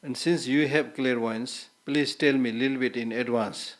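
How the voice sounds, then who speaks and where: A man's voice: medium pitch, steady tone, normal speed, lightly acted. A man voicing a carefree, pleasure-loving man who brushes off news of death. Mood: pleading.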